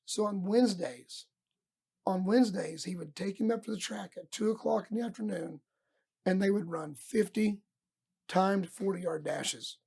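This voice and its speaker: In a relaxed podcast interview, this middle-aged man, a wrestling coach, recounts his younger days. His voice is high, gravelly and husky, and he keeps a moderate pace while vividly performing his former coaches' words.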